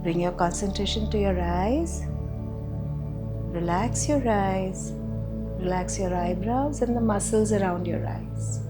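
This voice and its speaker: A woman meditation teacher speaks in a slow, unhurried voice, guiding listeners through breathing and relaxation. Her instructions are soothing and repetitive. Clear background music plays beneath her voice. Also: mid-range voice. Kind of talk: guided meditation.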